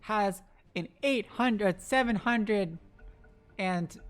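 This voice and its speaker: An esports caster giving live play-by-play commentary, rapid-fire and excitable, breaking into loud exclamations and talking to the players on screen. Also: mid-range voice, soft background music. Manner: talks to the players on screen, self-deprecating asides.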